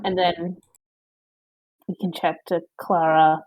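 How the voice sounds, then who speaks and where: A woman's voice: on the low side, flat delivery, darkish tone, poor audio. A woman playing a tabletop game, chatting casually and laughing easily. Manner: giggly, quick to laugh. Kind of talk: casual chat.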